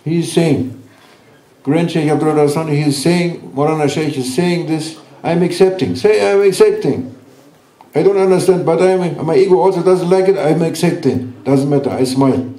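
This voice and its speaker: A man giving a sermon at a religious gathering, speaking gently and teasingly in broken English to reassure his listeners. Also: on the high side, moderate pace. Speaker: sheikh giving a religious talk. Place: large hall at a gathering. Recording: roomy hall, voice from far off.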